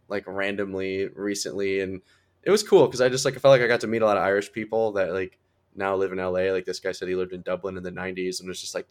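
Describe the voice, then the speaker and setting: A man with a fairly low voice co-hosts a casual podcast chat. He rambles excitedly and peppers everything with "like". His talk tumbles along in eager bursts. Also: clear, resonant tone. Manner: rambling, heavy use of "like", excitable. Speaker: podcast co-host.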